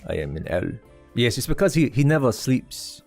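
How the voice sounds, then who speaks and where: A man's voice: medium pitch, sing-song, normal speed, vocal fry, faint music behind. A man putting on a hammy French crook. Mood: scheming. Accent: put-on French, deliberately bad. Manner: broken English, hesitant, theatrical. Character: brash male French criminal crew member. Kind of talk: tabletop role-play voice.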